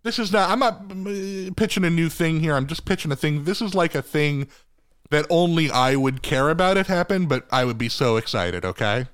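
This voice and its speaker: A man's voice: fairly high pitch, expressive, moderate pace, clean tone, no echo, clean studio sound. A man co-hosting a podcast in casual chat, joking and rambling, swearing now and then. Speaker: podcast co-host.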